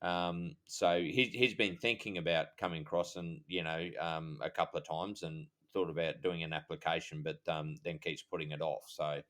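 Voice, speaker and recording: Low-voiced Australian cop telling stories. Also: male voice, steady tone, fairly bright tone. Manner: halting, filler-heavy storytelling. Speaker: police officer and podcast co-host. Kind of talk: casual chat.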